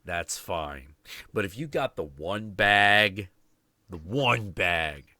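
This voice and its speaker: A man's voice: deep voice, animated, slow pace, pushed and bright, no echo, studio quality. A man in his late twenties, hosting a podcast, telling a story in casual chat with plenty of swearing and ranting. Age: 20s. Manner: profane, ranting, confrontational. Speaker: podcast host.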